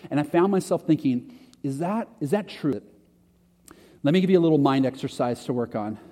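A man's voice: fairly high pitch, animated, a little fast, warm tone. Preaching man in a reverberant hall. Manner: conversational, self-deprecating preaching with restarts. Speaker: pastor. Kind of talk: sermon.

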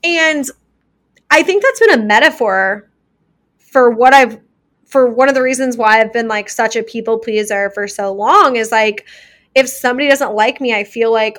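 A woman's voice: fairly high pitch, moderate pace, a bit bright. A young woman giving a casual motivational talk, chatty with lots of fillers, repeating her key phrases for emphasis.

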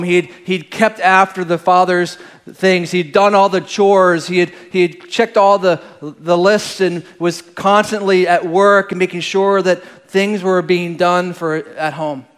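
A man preaching a sermon in an earnest, halting way, with frequent restarts and phrases that trail off quietly. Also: high-pitched, smooth. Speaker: pastor.

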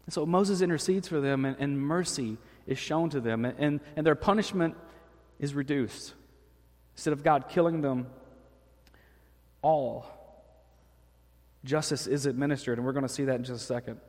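A man's voice: a little high, normal speed, long pauses, darkish tone. Male preacher in a reverberant hall. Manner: conversational preaching with frequent restarts and dramatized paraphrases. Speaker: pastor. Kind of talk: sermon.

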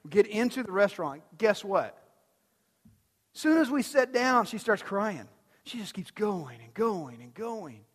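A man's voice: sits high, very animated, a little slow, slightly rough. A male pastor preaching a sermon in a conversational, storytelling way, often putting questions to the congregation. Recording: long hall reverb.

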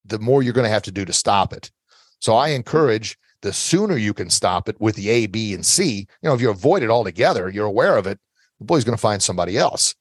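A middle-aged man with a lowish voice talks listeners through confidence tips like a coach, earnest and steady, leaning on repeated phrases. The sound is dry and close, with no room around it. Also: no echo. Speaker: self-defense instructor guest. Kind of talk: motivational interview advice.

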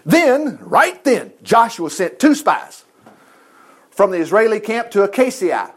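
High-voiced man preaching an animated sermon. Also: measured pace, breathy edge. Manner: animated, chatty, with joking asides and acted-out quotes. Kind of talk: informal sermon retelling Bible stories.

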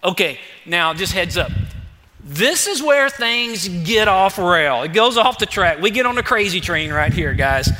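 A man preaching a sermon as pastor, in an animated, conversational way with playful asides, in a church sanctuary. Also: sits high. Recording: church hall reverb.

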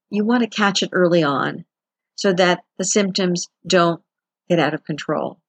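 Woman chatting thru self-help tips, kinda husky, dry close sound. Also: fairly low pitch, no room sound. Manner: chatty, conversational, acts out quotes with laughs. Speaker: wellness teacher. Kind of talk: casual self-help talk.

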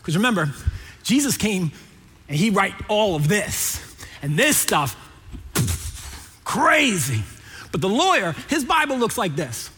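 Lively high-voiced man preaching in a hall. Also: a little slow, long pauses, a little hiss or hum. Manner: animated, jokey, acts out quoted voices. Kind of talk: sermon with humorous storytelling. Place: large church hall. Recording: echoey hall.

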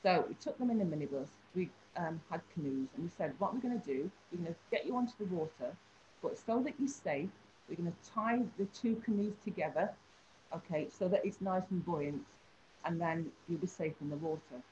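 A woman tells a story from her teaching work, full of life and acting out each person she describes. Her voice sits at a middle pitch. The recording is a little dull, with a faint hum behind her. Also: fairly quick. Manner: animated storytelling, acts out the people she describes. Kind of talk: anecdote in an interview.

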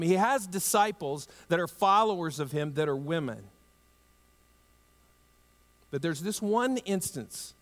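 A man preaches a sermon in a conversational style, raising his voice for emphasis and sinking to a soft, low tone for tender asides. The recording carries a long hall reverb.

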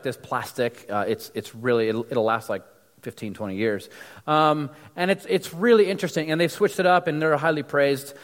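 A man's voice: on the high side, a bit bright. Rambling man preaching in a reverberant hall. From United States. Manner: conversational, many fillers and restarts. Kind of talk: casual sermon.

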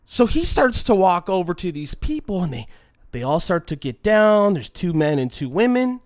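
A person telling a personal anecdote in a casual, profane monologue, swinging between quiet muttering and loud exasperated outbursts. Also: mid-range voice, sing-song, normal speed, no echo, studio quality. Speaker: storyteller.

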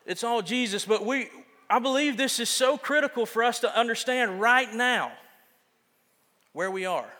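Man pastor, high and bright, joking and chatty in the pulpit, long reverb of the sanctuary. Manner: casual, self-deprecating preaching with frequent restarts. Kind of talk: sermon.

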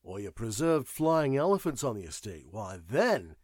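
A man reading an audiobook, voicing a cheerful, clever English gentleman with a light, teasing tone. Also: medium pitch, sing-song, normal speed, husky, no echo, clean studio sound. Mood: playful. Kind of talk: audiobook character voice.

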